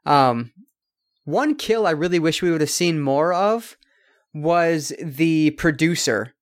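On a laid-back film review podcast, a male co-host rambles along with plenty of fillers and restarts. His voice is slightly high and animated, and he speaks slowly.

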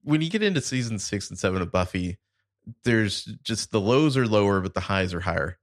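A man's voice: on the low side, expressive, fairly quick, no echo, clean studio sound. A man co-hosting a casual podcast chat, laid-back and rambling with fillers. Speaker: podcast co-host.

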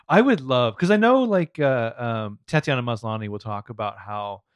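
A man's voice: medium pitch, normal speed, dry recording. A man co-hosting a podcast, recapping a TV episode in rambling casual chat. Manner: animated, rambling. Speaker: podcast co-host recapping a TV show.

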